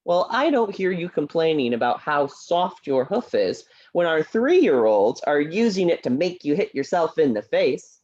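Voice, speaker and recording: Woman voicing a cheerful teacher puppet, encouraging, lively up-and-down voice, dull video-call audio. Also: low-pitched, measured pace, hardly any pauses, voice pushed down, full character voice. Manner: encouraging, upbeat, coaxing. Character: cheerful, helpful teacher puppet, patient friend.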